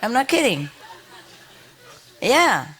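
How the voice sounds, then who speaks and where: A woman's voice: fairly high pitch, very animated, takes it slowly, fairly bright tone, slightly rough, a faint crowd. A woman telling a story to an audience. She laughs often, repeats her words and stops to imitate sounds.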